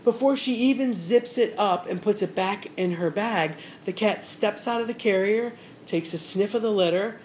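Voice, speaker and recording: A woman's voice: medium pitch, moderate pace, a little mellow, a little hiss or hum. A woman in casual chat, telling a funny story with lots of energy, acting out the people she quotes and laughing as she goes. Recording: roomy echo with faint ambience.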